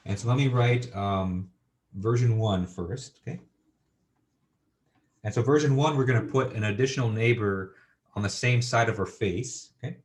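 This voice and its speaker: A man's voice: lowish voice, moderate pace. A man giving a university engineering lecture, thinking aloud with lots of fillers and checking in with students.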